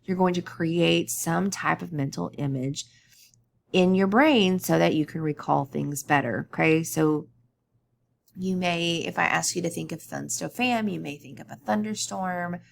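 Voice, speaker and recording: A woman's voice: lowish voice, a little slow, gravelly. A woman teacher giving a conversational recorded lecture over slides, often checking in with "okay?".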